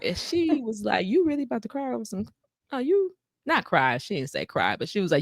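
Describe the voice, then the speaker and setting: Animated storytelling woman, dry close voice. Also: mid-range voice, moderate pace, no echo. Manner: animated storytelling, acts out voices of people she quotes. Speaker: podcast co-host. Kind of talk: casual chat recapping a reality show.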